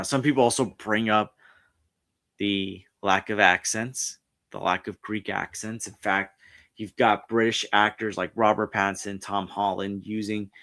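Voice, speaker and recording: A New York man with a fairly low-pitched, fairly bright voice hosts a casual pop culture stream through a streaming setup mic. He reads articles aloud and rambles, often restarting his sentences.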